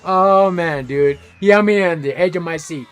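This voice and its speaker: A man streaming a game, telling stories in a casual, animated way, full of slang and swearing. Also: sits high, normal speed. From Los Angeles area. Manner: animated, slangy, swears freely, laughs loudly. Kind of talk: casual storytelling chat while gaming.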